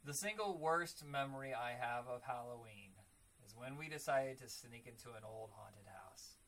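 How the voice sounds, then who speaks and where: A man co-hosting a casual podcast chat, animated and swearing freely. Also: medium pitch, moderate pace, creaky, rough recording. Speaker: podcast co-host.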